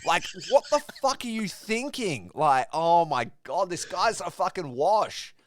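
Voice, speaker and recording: A man's voice: sits high, sing-song, unhurried, a little hiss or hum. A man co-hosting a wrestling podcast, ranting in casual, profane chat. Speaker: podcast co-host.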